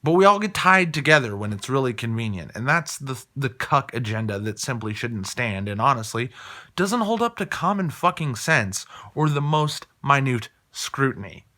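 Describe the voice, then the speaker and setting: A man's voice: mid-range voice, lively intonation, moderate pace, sharp tone. A man from Colorado delivering a heated, profane opinion rant, hammering points home by repeating phrases. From Colorado, USA. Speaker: political commentator.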